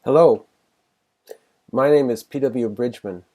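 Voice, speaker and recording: A man with a Canadian accent introducing and reading his own flash fiction story in a plain, steady storytelling way. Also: medium pitch, a little slow, dull audio.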